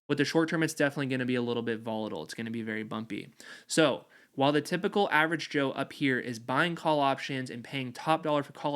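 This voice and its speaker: A man's voice: mid-range voice, fairly bright tone. A man hosting an investing channel, explaining strategy over a chart in confident, emphatic, repetitive phrasing.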